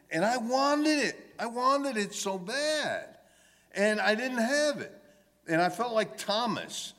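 Slow, emphatic preacher in a reverberant hall. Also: male voice, a little high, very animated, a bit bright. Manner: emphatic, voicing the psalmist's pleas with rising intensity. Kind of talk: sermon.

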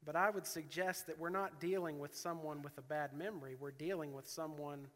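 A man with a high, bright voice preaches a sermon in a church. He reads scripture aloud with earnest, rising emphasis. His voice carries a long reverb through the hall. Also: steady tone, brisk.

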